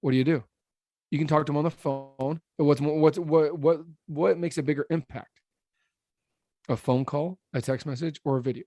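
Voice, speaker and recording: A man in his thirties who owns a roofing business, a podcast guest talking fast and blunt, slurring his words a little. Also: dry recording. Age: 30s. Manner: blunt, animated, salesman-like pitching. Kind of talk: casual podcast interview.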